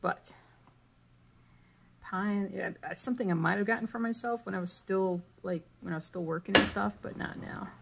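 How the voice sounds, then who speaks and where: A woman's voice: mid-range voice, normal speed, creaky, slight background noise. A woman vlogging casually as she cross stitches, rambling and thinking aloud, humming and muttering to herself. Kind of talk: casual chat while stitching.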